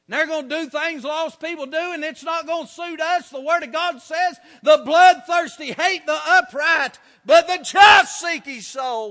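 A preacher delivers an old-time revival sermon, falling to near-hushed pleading and then rising to shouts. His voice is very high and bright. It echoes with the long reverb of a church hall.

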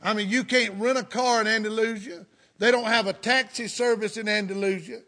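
Male preacher, Southern US accent, middle-aged, high voice, folksy sermon storyteller. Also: steady tone, brisk, pushed and bright. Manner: folksy storytelling with fervent interjections.

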